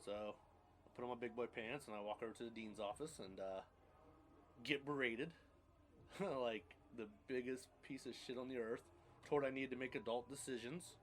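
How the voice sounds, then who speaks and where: A man's voice: medium pitch, moderate pace. A man in his thirties casually telling his life story on a podcast, rambling and blunt, with casual swearing.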